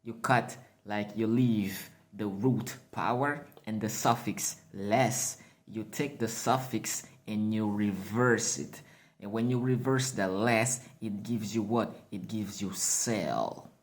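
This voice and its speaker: A man's voice: on the low side, takes it slowly. A man giving a freewheeling motivational monologue, emphatic and full of profane slang, laughing at himself now and then. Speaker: motivational speaker.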